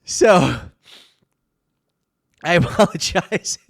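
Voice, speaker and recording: A young man talks through his solo podcast in a loose, casual way. His voice climbs and dips constantly with lively, animated pitch, and he trips over his words and starts over often. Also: extremely slow, vocal fry. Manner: animated storyteller, laughing helplessly, many restarts. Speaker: podcast host.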